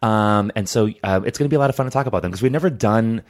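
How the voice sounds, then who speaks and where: Enthusiastic podcast man with a lowish voice. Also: rapid-fire. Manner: enthusiastic, gushing, many fillers. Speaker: podcast co-host. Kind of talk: casual chat.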